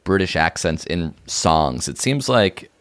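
American man, podcast host, low voice, very animated, dry sound. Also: slow, dry recording. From United States. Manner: enthusiastic, playful. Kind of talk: casual chat.

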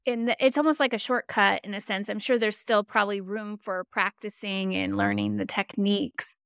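A woman's voice: mid-range voice, steady tone, normal speed, gravelly, a bit bright, smooth, no echo, clean studio sound. A woman hosting a podcast interview, asking questions in a thoughtful, conversational way. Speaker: podcast host.

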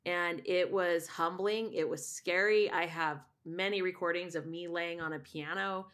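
A woman's voice: fairly low pitch, steady tone, unhurried, a bit bright. A middle-aged woman, a voice teacher and singer, telling a personal story candidly in a rambling way with many restarts.

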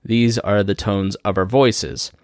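A man hosting a podcast, casually explaining recording step by step with quick asides, from a studio microphone. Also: on the low side, fairly even intonation, a little mellow, clear, resonant tone, dry recording. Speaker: podcast host. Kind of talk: casual instructional talk. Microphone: studio podcast microphone through a mixer.

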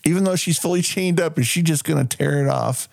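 A man's voice: a little high, a little fast, creaky, no echo, studio quality. A man co-hosting a podcast, reviewing a movie in casual chat, laughing often and acting out the lines he quotes. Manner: animated, laughing, acts out quotes. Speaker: podcast co-host.

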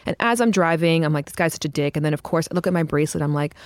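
A woman in her thirties telling a story in casual chat, animated, acting out quotes and laughing often. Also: low-pitched, rapid-fire, few pauses, dry recording. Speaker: guest.

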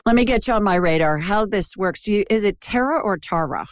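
A woman's voice: medium pitch, fast, no echo. Chatty woman host, dry close sound. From Ohio. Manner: chatty, digressive, animated. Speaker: intuitive show host. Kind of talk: call-in show chat. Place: Birmingham.

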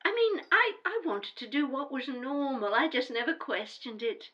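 An actress playing a grown daughter, a firm and defensive housewife, in an audio drama. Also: female voice, sits high, animated, moderate pace, bright, forceful tone, highs cut off. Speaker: adult daughter.

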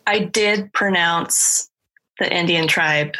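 A woman podcast host with a bright, husky voice, chatting casually and cheerfully. She talks in an upbeat, easygoing way with her co-host. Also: lowish voice, takes it slowly.

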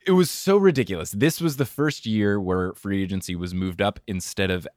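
A man co-hosting a podcast, chatting casually about basketball with quick, rambling asides. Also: fairly low pitch. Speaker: podcast co-host. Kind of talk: casual sports chat.

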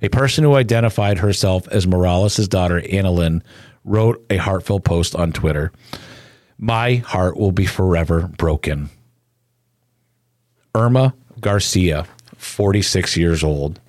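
Deep-voiced man reading somber news. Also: measured pace, darkish tone, dry recording, studio quality. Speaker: news narrator.

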